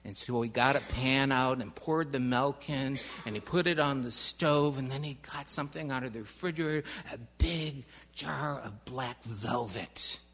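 A man telling a children's story in an unhurried, expressive way. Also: mid-range voice, slight background noise. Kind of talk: storytelling to an audience. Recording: long hall reverb.

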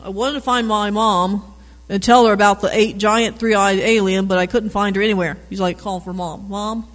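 Man reading a picture book aloud, high voice, animated with chatty asides; long room reverb. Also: normal speed. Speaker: reader.

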